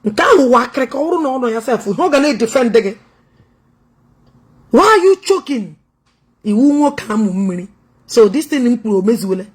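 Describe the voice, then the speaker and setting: A woman's voice: a little high, lively intonation, racing, husky. A Nigerian woman with an Igbo accent giving a taunting, confrontational commentary vlog, switching between languages and scolding her target. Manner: taunting, confrontational, loud and teasing. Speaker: online commentator. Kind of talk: mocking commentary vlog, mixing Igbo, English and Pidgin.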